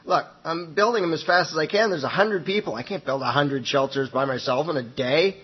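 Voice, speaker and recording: A man's voice: fairly high pitch, brisk, breathy edge, lo-fi sound. A man voicing a practical construction worker castaway who patiently explains his limits.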